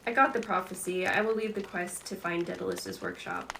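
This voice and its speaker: A woman's voice: fairly low pitch, steady tone, vocal fry, fairly bright tone, slight background noise, poor audio. A woman reading as a hesitant teenage girl. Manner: hesitant, halting.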